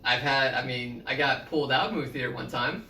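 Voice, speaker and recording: Bright-voiced young man telling stories. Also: mid-range voice, brisk. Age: 20s. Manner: animated storytelling with swearing. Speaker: podcast co-host. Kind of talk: casual chat. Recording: echoey room, far from the mic, faint noise.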